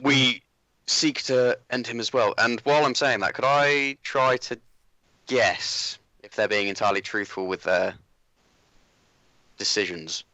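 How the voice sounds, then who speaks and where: A man playing a tabletop game, lively and playful in character. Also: medium pitch, measured pace, dry recording, dull audio. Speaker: player.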